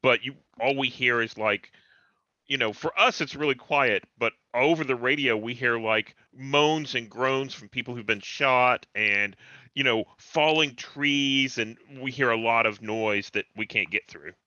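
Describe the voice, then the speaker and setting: Bright-voiced man on a dull, lo-fi mic. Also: medium pitch, a little slow, no echo. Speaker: player. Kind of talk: casual tabletop play. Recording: dull, lo-fi online call mic.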